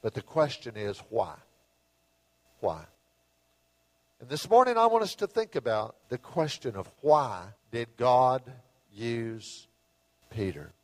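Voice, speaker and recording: A man preaching a sermon as a pastor, retelling a Bible story with lively, storytelling delivery. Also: medium pitch, slow, pauses often. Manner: storytelling, acts out Bible scenes with rising and falling intensity. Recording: hall reverb.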